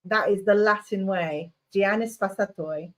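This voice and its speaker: A woman chatting casually on a livestream video call from home, playful and quick to laugh, fussing over how to pronounce Latin names. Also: medium pitch, rough recording. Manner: giggly, playful, corrects pronunciation. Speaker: livestream co-host. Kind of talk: casual chat. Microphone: phone on a video call.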